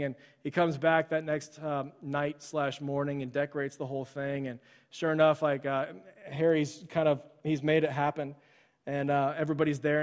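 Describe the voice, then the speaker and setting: Flat-voiced man preaching in a hall. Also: fairly high pitch, clean tone. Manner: conversational, with frequent fillers and restarts. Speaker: pastor. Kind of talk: sermon storytelling. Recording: long hall reverb.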